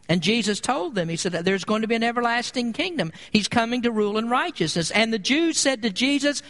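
A man delivers a sermon in a high, ringing voice. He presses his points hard, building to loud peaks on repeated phrases. The sound carries a long reverb, like a church sanctuary. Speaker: preacher.

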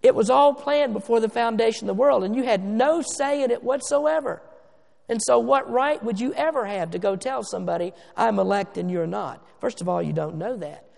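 A man preaching a sermon as pastor, emphatic, slowing down to stress words and swinging from loud to hushed. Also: extremely high pitch, gravelly. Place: church sanctuary. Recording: long reverb of a church hall.

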